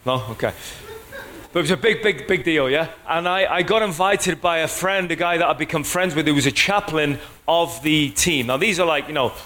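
A man's voice: fairly high pitch, moderate pace, bright, forceful tone. A man preaching a sermon in a conversational way, often checking in with the congregation.

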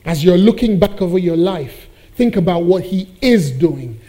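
A man delivering a sermon in a high, mellow voice. He preaches emphatically, rising and pushing hard on the phrases he wants to land. It is a pastor addressing his congregation. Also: animated, moderate pace, few pauses. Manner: emphatic preaching that builds in force on key phrases.

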